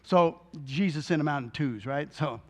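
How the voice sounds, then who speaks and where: A minister telling a healing testimony in an animated storytelling way, acting out the people in the story and tossing in joking asides. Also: male voice, on the high side, moderate pace.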